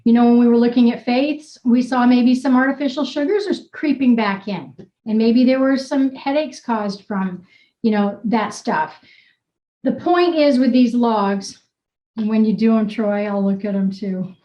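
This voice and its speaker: A woman's voice: on the high side, unhurried, warm tone, reverberant, muffled recording. A woman wellness coach leading a group video call in an upbeat, teasing, blunt manner. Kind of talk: casual coaching chat.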